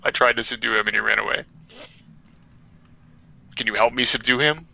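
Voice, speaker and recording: A man playing a tabletop game who explains his character's actions slowly. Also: medium pitch, creaky, lo-fi sound, noisy background. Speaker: player. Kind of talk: tabletop role-play.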